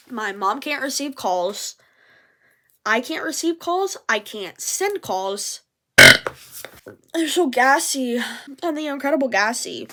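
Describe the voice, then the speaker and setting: Young woman, casual storytelling vlog, high-ish voice, very lively swings in pitch, swears a lot. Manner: animated, swears, acts out quotes.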